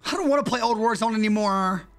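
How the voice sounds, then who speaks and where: A man's voice: high-pitched, fast, fairly bright tone. A young man streaming a shooter game, trash-talking opponents with joking, swearing banter. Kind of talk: live gameplay commentary.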